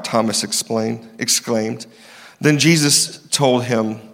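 A male pastor preaching a conversational, animated sermon and acting out the people in the story. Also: mid-range voice, takes it slowly. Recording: long reverb of a large hall.

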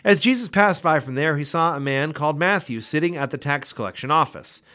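A man reading Bible passages aloud for a daily scripture podcast, in a measured, expressive way. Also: on the high side. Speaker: scripture reader.

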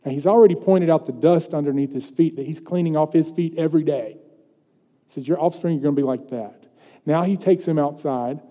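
A man delivers a sermon in an earnest, conversational way, rising to loud emphatic passages and dropping to near-hushed stretches. His voice is slightly high yet very dark and mellow in tone. A long reverb from a large hall trails each phrase. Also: a little fast. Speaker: pastor.

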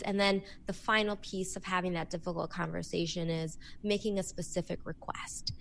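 A woman who works as a workplace coach, speaking in a podcast interview in an animated, expressive way and acting out examples. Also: on the low side, moderate pace, vocal fry, few pauses.

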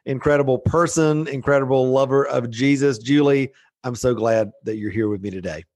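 A man's voice: mid-range voice, moderate pace, a little mellow. Earnest enthusiastic male podcast host. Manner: enthusiastic, earnest, frequent "uh" fillers. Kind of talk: faith-based podcast talk. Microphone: remote video call.

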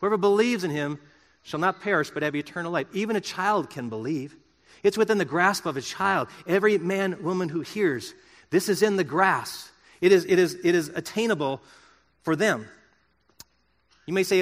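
A man's voice: sits high, lively intonation, normal speed, fairly bright tone, big-room sound. A middle-aged male pastor preaching a sermon in an earnest, conversational way, asking his listeners rhetorical questions.

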